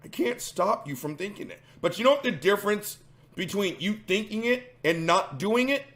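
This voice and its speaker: A man's voice: high voice, animated, moderate pace, fairly bright tone. A man hosting a reaction commentary, ranting combatively and sarcastically with lots of swearing. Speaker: commentary host.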